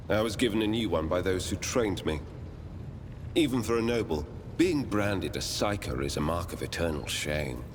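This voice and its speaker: A very deep-voiced psychic adept. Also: male voice, a little hiss or hum. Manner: measured, reserved. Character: aloof male psychic noble-born adept. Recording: reverberant, clear music behind.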